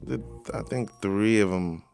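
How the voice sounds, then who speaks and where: Gravelly deep-voiced man, laid-back. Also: darkish tone. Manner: laid-back, halting, many fillers. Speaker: rapper guest. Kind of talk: casual interview chat.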